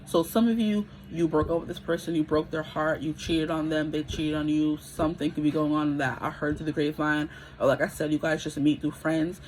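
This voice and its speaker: A woman's voice: low-pitched, steady tone, brisk, hardly any pauses, darkish tone, a little hiss or hum, rough recording. A woman in her twenties giving a casual pick-a-card tarot reading, chatty and rambling, often checking in with her listeners. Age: 20s.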